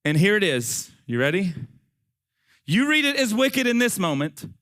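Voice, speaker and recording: A man preaching a sermon in a high, bright, forceful voice. He is folksy and animated and keeps turning to his congregation. His voice is going hoarse and he is short of breath. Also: moderate pace.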